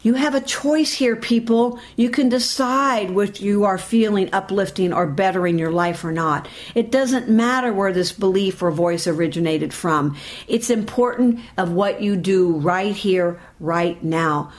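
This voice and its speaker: A woman giving a motivational talk, speaking directly to her listeners in an animated way. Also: mid-range voice, normal speed.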